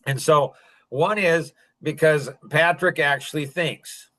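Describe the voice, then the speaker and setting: A man's voice: a little high, slow, pushed and bright. A man hosting a podcast in a casual, rambling chat, chuckling often and saying "like" a lot. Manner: rambling, chuckling, heavy use of "like". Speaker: podcast host.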